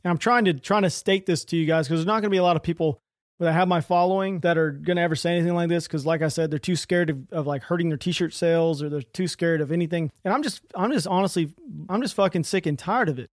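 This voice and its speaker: Fast-talking, heated male podcast host. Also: on the high side, no room sound, studio quality. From United States. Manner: blunt, heated, profane, rambling with restarts. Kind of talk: solo political commentary podcast.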